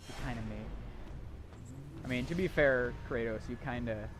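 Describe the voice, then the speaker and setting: A man's voice: medium pitch, unhurried, noisy background. A young man giving casual let's play commentary, sarcastic and irreverent, swearing freely. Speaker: gameplay commentator.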